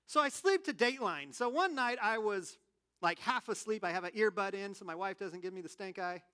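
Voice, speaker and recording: A man preaching a sermon in a candid, animated, conversational way, telling personal stories. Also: high voice, brisk, smooth. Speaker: pastor.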